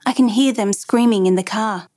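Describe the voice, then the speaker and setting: A woman reading a story voices a calm emergency dispatcher speaking steadily. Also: mid-range voice, moderate pace, no room sound, studio quality, natural voice.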